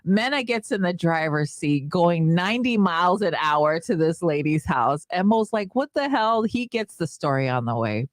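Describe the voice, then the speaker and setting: A woman's voice: normal speed, few pauses, no room sound, studio quality. A woman co-hosting a podcast, telling a story in casual chat and acting out the quotes in a raised voice. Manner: animated storyteller, acts out quotes in a high voice. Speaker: podcast co-host.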